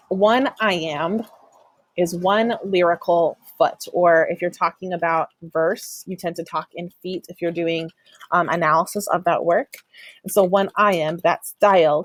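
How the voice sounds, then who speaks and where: A woman teacher talks through a recorded online lesson in a fairly low voice. She explains step by step, fills pauses with "um," and sounds out rhythms aloud. The sound is dry and close, with no room around it. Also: no room sound. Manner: explanatory, frequent "um" fillers, demonstrates stress patterns aloud. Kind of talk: recorded online class lecture.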